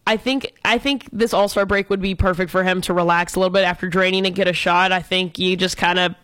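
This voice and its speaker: A woman's voice: lowish voice, fairly even intonation, fast talker, fairly bright tone, dry recording. Enthusiastic woman talking sports. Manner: enthusiastic, opinionated fan talk. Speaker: co-host. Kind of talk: casual sports talk.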